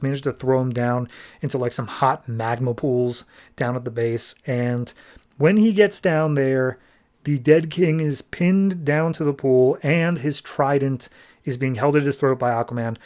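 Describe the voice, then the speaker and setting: A man's voice: medium pitch, steady tone, a little slow, a little mellow. A man hosting a podcast, recapping a comic book in a chatty, rambling way with fillers. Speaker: podcast host.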